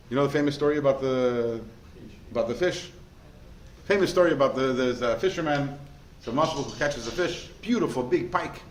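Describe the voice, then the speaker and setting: A man, a rabbi, giving a lively class, quizzing students and telling stories in an animated way. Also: mid-range voice. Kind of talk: lively lecture with questions to students. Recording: echoey room, faint background noise.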